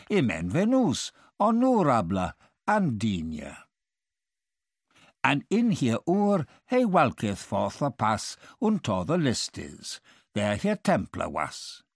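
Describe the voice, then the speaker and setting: A man reading medieval verse aloud in a measured, rhythmic recitation. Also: mid-range voice, no room sound, studio quality. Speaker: reader.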